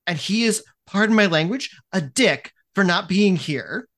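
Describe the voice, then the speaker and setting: A man's voice: high-pitched, lively intonation, unhurried, a bit bright, pitched above the performer's own voice, exaggerated voice. A man voicing a meek, nervous young male fraternity vice president who stammers and apologizes, in a tabletop game. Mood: flustered.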